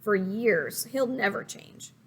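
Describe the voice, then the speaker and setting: A woman reading a defensive, chain-smoking woman with a husky voice and a brusque, dismissive manner. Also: mid-range voice, animated, slow, full character voice.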